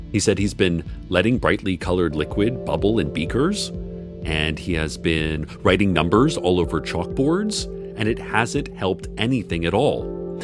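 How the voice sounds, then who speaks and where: A man narrating a scripted story in a calm, measured way. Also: low voice. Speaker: radio host narrator. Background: music.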